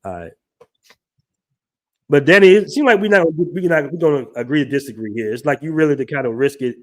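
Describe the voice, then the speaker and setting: A man's voice: fairly high pitch, lively intonation, brisk. A man hosting a live stream, talking in a loose, slangy, conversational way. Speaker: livestream host. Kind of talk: casual live-stream chat.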